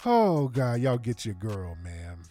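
A man's voice: medium pitch, wildly swooping pitch, takes it slowly, dark tone, no room sound, soft background music. Slangy, sarcastic American man. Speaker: livestream host. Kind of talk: casual commentary.

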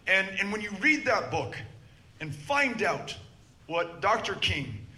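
Male politician, high, sharp and bright, measured and earnest with filler pauses. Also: big pitch swings, rough recording. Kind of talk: town hall speech.

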